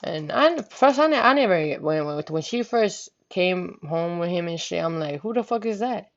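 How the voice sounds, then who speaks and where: A woman's voice: lowish voice, animated, moderate pace, muffled recording. A young woman vlogger telling a story casually, profane and rambling, often asking "you know what I'm saying". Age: young adult.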